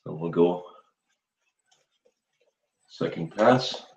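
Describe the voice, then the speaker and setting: A man hosting a casual live show, chatting in a relaxed, rambling way with his viewers while he shaves. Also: low-pitched, drawn-out words, vocal fry. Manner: relaxed, rambling, chuckles often, talks to viewers. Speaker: livestream host. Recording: roomy dull lo-fi sound.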